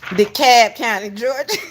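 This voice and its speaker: A woman's voice: high voice, a bit bright. A woman giving casual livestream commentary, talking straight to her viewers and breaking into fits of laughter. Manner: addresses viewers as y'all. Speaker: online commentator.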